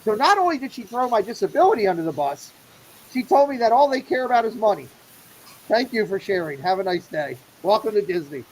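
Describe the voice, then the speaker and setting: Middle-aged man telling an animated story. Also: high-pitched, a little fast, a little hiss or hum, rough recording. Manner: animated storyteller acting out quoted people. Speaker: show host. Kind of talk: casual storytelling chat.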